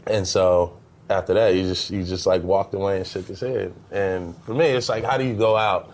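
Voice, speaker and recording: A man's voice: low voice, fairly even intonation, normal speed, darkish tone, low-quality recording. A man guest on a casual podcast interview, telling stories in a laid-back way with frequent fillers and laughs. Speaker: former basketball player guest.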